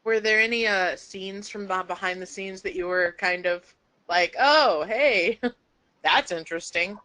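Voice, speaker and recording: A woman's voice: on the low side, little pitch movement, normal speed, sharp tone, clear, resonant tone. A woman co-hosting a fan podcast in casual chat, rambling and acting out quotes. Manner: rambling, acts out quotes with a laugh. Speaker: podcast co-host.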